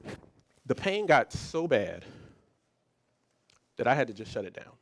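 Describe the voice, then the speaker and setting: A man who is a psychologist, giving a motivational talk as a lively story, often restarting and repeating words. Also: mid-range voice, moderate pace. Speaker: psychologist and speaker.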